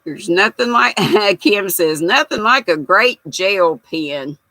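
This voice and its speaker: An older woman from the United States hosts a casual livestream, reading viewer chat comments in a chatty, folksy manner. Her mid-range voice is animated, pushed, and bright, and she takes it slowly. The recording has no room sound but is rough.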